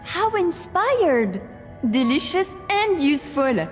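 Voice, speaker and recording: An actress voicing a polite robot chef with faux French flair, giving cooking instructions in a video game. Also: female voice, high voice, big pitch swings, slow, exaggerated voice. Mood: gracious. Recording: game audio with music and reverb.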